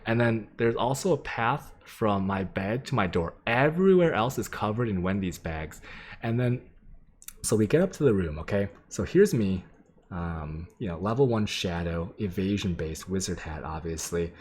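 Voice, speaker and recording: Male streamer with a very low voice, casual and sweary, rambling through a story to chat. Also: expressive, moderate pace, a little mellow, slight background noise. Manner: rambling, profane, lots of "like" and "um"; sketches while he talks, addressing chat. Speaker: game streamer.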